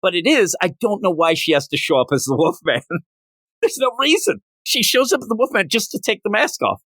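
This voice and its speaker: A man's voice: brisk, breathy edge, no echo. Guy riffing on a comic, jokey, voice bouncing up and down a lot. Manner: animated, jokey, acts out quotes with big pitch jumps. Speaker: comic book reviewer. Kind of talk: casual review chat.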